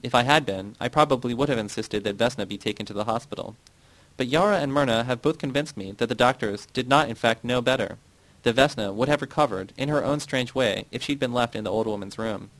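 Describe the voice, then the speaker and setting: Male audiobook narrator, measured delivery, mid pitch, dry close mic. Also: fairly bright tone, dry recording, poor audio. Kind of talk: scripted narration.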